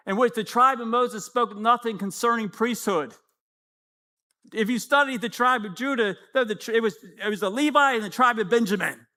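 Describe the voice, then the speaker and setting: A man in his fifties delivers a lively sermon in a notably high voice. His tone is bright and forceful, and he keeps acting out short exchanges in prayer. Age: 50s. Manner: animated preaching, acting out prayers and dialogues. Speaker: pastor.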